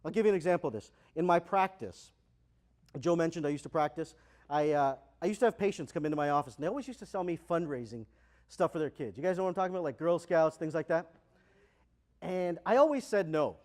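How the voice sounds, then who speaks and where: Keynote speaker, male, high voice, energetic and engaging with the crowd. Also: fast talker. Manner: energetic, asks the audience questions, acts out dialogue. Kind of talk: motivational keynote speech. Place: large conference hall.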